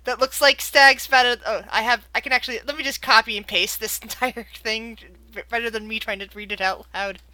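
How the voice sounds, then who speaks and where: A woman narrating as game master of a tabletop game, halting and often repeating words. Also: fairly high pitch, fairly even intonation, sharp tone, low-quality recording.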